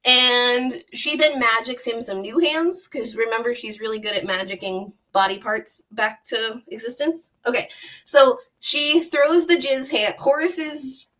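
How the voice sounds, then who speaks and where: High-voiced woman retelling myths, profane. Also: unhurried, fairly bright tone, recorded from a distance. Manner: profane, rambling, laughs often, heavy use of 'like'. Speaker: podcast host. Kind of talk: casual comedic storytelling.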